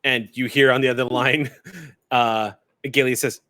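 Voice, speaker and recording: A man with a mid-pitched voice guiding players through a tabletop game, narrating in a loose, halting way with restarts. The sound is dry and close. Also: steady tone, bright, forceful tone, dry recording. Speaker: game master.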